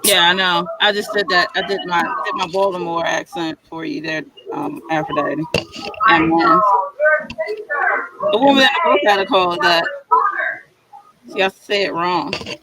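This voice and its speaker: A man's voice: sits high, normal speed, long pauses, heavy background noise. A man hosting a casual chat among writers on a video call, retelling a story in a rambling way full of "like". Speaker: host of a writing session.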